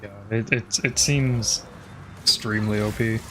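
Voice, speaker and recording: A man's voice: fairly low pitch, fairly even intonation, a little slow, bright, forceful tone. Guy streaming a game, chatty and sweary, lots of likes and ums, faint hum behind. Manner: casual, swears freely, thinks aloud with fillers. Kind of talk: casual gameplay commentary.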